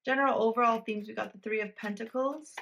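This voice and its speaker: A woman's voice: a little high, fairly even intonation, quick pace, gravelly, fairly bright tone, lo-fi sound, slight background noise. A woman reading tarot cards for a pick-a-card video, talking straight to the viewer in a blunt, emphatic way and swearing freely. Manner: addresses the viewer directly. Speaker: tarot reader.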